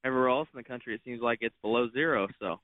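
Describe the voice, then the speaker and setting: A man's voice: medium pitch, fast talker, no room sound. A man who drives race cars, chatting in an easygoing way as a guest over the phone, with lots of fillers. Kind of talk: casual interview on phone. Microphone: phone line. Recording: tinny phone line.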